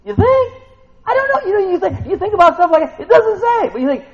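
A man preaching a casual sermon, retelling a scripture story and asking the listeners questions, swinging between loud and soft. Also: very high-pitched, very animated, quick pace, dull audio, crowd noise.

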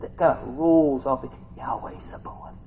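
A man's voice: medium pitch, normal speed, creaky, muffled recording, heavy background noise. A man preaching a sermon as pastor, folksy and exclamatory, often asking his listeners "huh?".

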